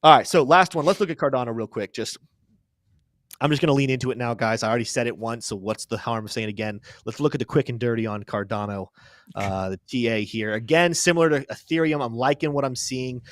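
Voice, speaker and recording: A man's voice: mid-range voice, fast, no room sound. A young man talks through charts on a live crypto stream in a loose, chatty way. He keeps cracking jokes at his own expense. His voice sits in the middle range, and the recording is dry with no room sound. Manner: chatty, joking, self-deprecating asides. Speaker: crypto show host. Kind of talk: casual live-stream market commentary.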